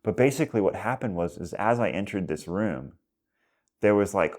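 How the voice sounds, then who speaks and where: A man's voice: on the low side, animated, normal speed, a little mellow. A man as a podcast guest, recounting an experience in a rambling way with lots of "like"s. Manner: rambling storytelling, many "like"s and acted quotes. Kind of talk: casual conversation.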